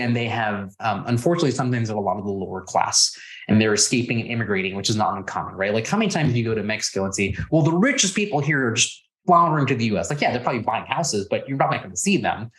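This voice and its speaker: Young adult man from Texas, fast and animated podcast guest, mid-range voice. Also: medium pitch. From Texas, USA. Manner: animated, acts out quoted exchanges with a raised voice. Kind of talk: casual interview chat.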